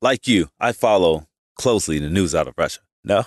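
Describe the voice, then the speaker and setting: Male podcast host, very low pitch, dry room, loose chatty monologue full of restarts. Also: animated, a little fast, no room sound. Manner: rambling, with frequent restarts and asides. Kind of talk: casual opinion monologue.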